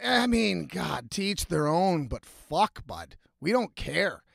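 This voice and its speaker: A man telling a story in a casual, animated, heavily profane way, rambling as he goes. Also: high voice, takes it slowly, gravelly, no echo, studio quality. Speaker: vlogger.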